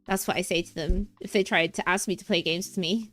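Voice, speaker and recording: A woman's voice: lowish voice, fairly even intonation, fairly quick, hardly any pauses, fairly bright tone, faint music behind. A young woman streamer chatting casually and playfully, rambling and giggling between thoughts. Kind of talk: casual livestream chat.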